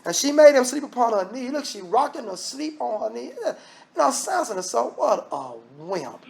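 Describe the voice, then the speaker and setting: A man preaching a lively sermon, firing off rhetorical questions and acting out voices. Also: very high-pitched, normal speed, creaky, slight background noise.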